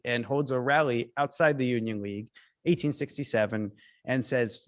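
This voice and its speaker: A man's voice: medium pitch, normal speed, dry recording. Man giving an emphatic history lecture. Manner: storytelling, emphatic, with frequent restarts. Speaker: guest speaker, historian.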